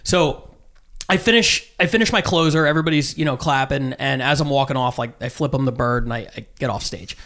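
A man's voice: medium pitch, fairly quick. A man in his thirties, a stand-up comedian telling a story in casual chat and acting out the voices he quotes. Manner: animated, acts out quotes with swearing.

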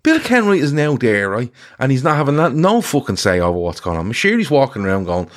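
A man's voice: medium pitch, fast talker, hardly any pauses. Give me a man ranting in casual football talk, full of "right?" and swearing. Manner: animated rant, frequent "right?" tags and swearing.

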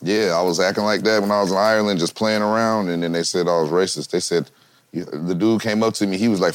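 A man in his thirties speaks fast in a low voice, blunt and profane, full of street slang. The sound is dry and close, with no room echo. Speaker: guest rapper. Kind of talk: casual chat.

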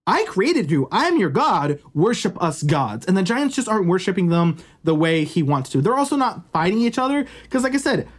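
A man casually retelling a myth on a podcast, chatty and animated with frequent asides. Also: high-pitched. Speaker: podcast storyteller. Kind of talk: casual storytelling.

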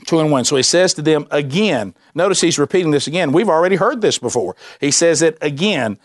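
A man preaching a sermon, animated and emphatic, repeating himself and dropping suddenly to a quiet voice. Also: a little high, fairly quick, hardly any pauses. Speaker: pastor.

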